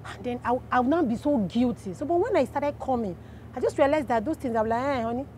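A woman with a Nigerian accent giving a casual testimony, telling her story in a lively way and acting out the voices of the people in it. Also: sits high, fairly quick, slight background noise. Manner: animated storyteller, acts out quoted voices.

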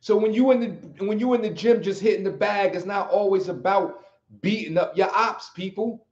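An American livestream host who teaches martial arts speaks in a high, darkish-toned voice at normal speed. His talk is emphatic, preachy and motivational, hammering key phrases repeatedly. The recording has a roomy, slightly dull quality.

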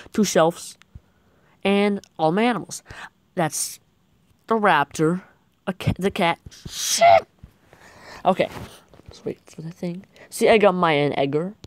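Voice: mid-range voice, unhurried, pauses often, no echo. Rambling young gamer with a dry close mic. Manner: rambling, chatty, jokey. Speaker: gaming video creator. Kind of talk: casual gameplay commentary.

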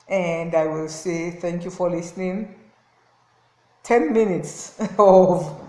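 A woman's voice: lowish voice, echoey room. A woman speaking as a self-styled prophetess in an impassioned, repetitive rant to camera, laughing in anger. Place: indoors, lying on a floor.

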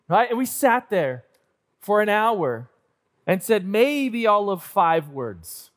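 A high-voiced young man preaching to his church, spinning a self-deprecating story with lively, acted-out moments. He plays up his own nerves for laughs. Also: measured pace. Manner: self-deprecating, animated storyteller acting out scenes. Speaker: pastor. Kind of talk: sermon storytelling. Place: church auditorium.

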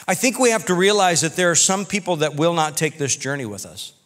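Animated preacher man in a reverberant hall. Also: on the high side, fairly quick, hardly any pauses. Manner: animated, folksy storytelling preacher. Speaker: pastor. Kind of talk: sermon.

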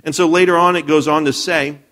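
A male pastor preaches in church with a somewhat high voice. He retells the story in a chatty way, stumbling and restarting mid-sentence. He often turns to the congregation with questions. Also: fairly even intonation, a little fast, fairly bright tone. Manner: conversational storytelling, frequent restarts. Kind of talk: sermon.

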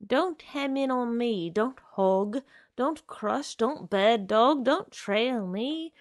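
A woman acts out a menacing young stalker with a wheedling, pushy way of talking. He drawls slowly, with a gravelly edge. The sound is close and dry. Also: medium pitch, darkish tone, no room sound. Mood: rapid, bossy. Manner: wheedling and pushy, slipping into threats.

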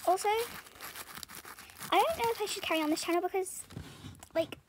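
Very high, soft-spoken British teen girl. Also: a little fast. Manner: soft-spoken, rambling and giggly. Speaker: vlogger. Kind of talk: casual vlog chat. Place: bedroom floor strewn with stationery. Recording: clear crinkling and rustling noise.

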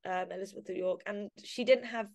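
A woman's voice: mid-range voice, steady tone, a little fast, vocal fry, darkish tone. A woman guest on a casual podcast interview, talking emotionally with many fillers and restarts. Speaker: podcast guest, society member.

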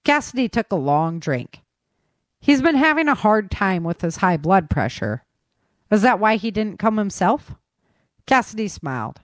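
A woman author narrating her novel aloud in an expressive storytelling manner, then opening her podcast as host. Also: mid-range voice, unhurried, no room sound, clean studio sound. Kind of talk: audiobook narration.

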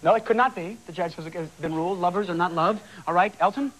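A man hosting a television game show, bantering and teasing contestants in a lively way. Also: sits high, quick pace. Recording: old broadcast tape with loud audience and noise. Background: loud studio audience.

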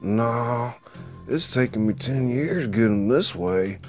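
A man's voice: mid-range voice, lively intonation, slow pace, a little mellow, soft background music, pitched above the performer's own voice. A man playing a teasing, crude veteran dockworker. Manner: ribbing, crude joking. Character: teasing veteran male dockworker, tough and gruff.

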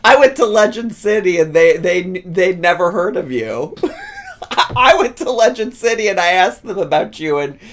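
A man's voice: high voice, wildly swooping pitch, normal speed, fairly bright tone. A man hosting a casual reaction commentary, teasing and laughing often. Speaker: host reacting to videos.

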